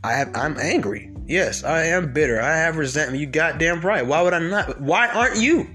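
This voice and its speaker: A man holds forth in a fiery podcast monologue, blunt and full of swearing. His voice sits a touch higher than most men's, pushing hard at his listeners. Faint music runs quietly behind him. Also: animated, moderate pace. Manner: heated, profane, confrontational. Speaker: podcast host. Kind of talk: ranting monologue.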